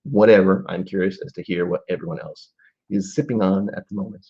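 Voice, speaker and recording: A man in his forties with a low, husky voice chats casually on a live stream, thinking out loud and drifting into trailing asides. The stream audio is dull and lo-fi. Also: steady tone, a little fast. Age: 40s. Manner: musing aloud, rambling with trailing asides. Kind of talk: casual live-stream whiskey tasting chat.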